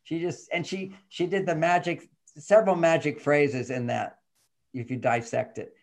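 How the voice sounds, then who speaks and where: A man's voice: on the high side, normal speed. An older man, a guest on a podcast, explaining relationships in casual chat and acting out the voices of the people in his stories. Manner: animated storytelling, acts out quoted voices.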